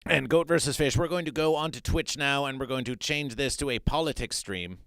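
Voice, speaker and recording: A man doing a rambling, repetitive mock-serious news monologue as a comedy streamer, swinging between loud and hushed muttering. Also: mid-range voice, fairly quick, smooth, dry recording.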